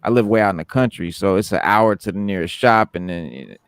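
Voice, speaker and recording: A man's voice: deep voice, brisk, clear, resonant tone, no room sound. A man chatting casually about his collection, laid-back and slangy. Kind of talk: casual chat.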